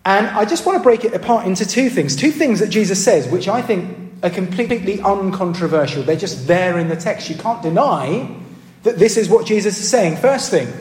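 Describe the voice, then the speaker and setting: In a church hall, a man with a high, darkish voice preaches a sermon earnestly, often asking the congregation questions and checking in with them. He repeats words when he restarts a thought, and the hall adds a roomy reverb.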